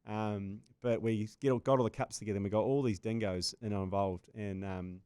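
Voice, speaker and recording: A man's voice: lowish voice, steady tone, normal speed, mellow, clean tone, no room sound. A man with a New Zealand accent co-hosting a casual podcast, trading crude jokes and laughing often. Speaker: podcast co-host.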